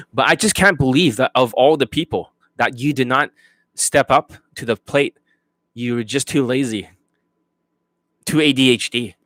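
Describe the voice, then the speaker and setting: A man's voice: medium pitch, fairly bright tone, dry recording. Blunt, profane male dating coach. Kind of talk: unscripted monologue to students.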